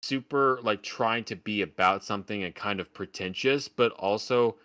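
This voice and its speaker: A man's voice: on the low side, normal speed, a bit bright, smooth. A man co-hosting a podcast, ranting about a film in casual, profane, sarcastic talk. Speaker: podcast co-host. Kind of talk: casual film review chat.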